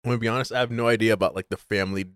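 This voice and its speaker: A man's voice: lowish voice, fairly even intonation, rapid-fire, smooth, dry recording. A young man co-hosting a podcast, in loose slangy chat, joking and laughing often. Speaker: podcast co-host. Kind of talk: casual chat.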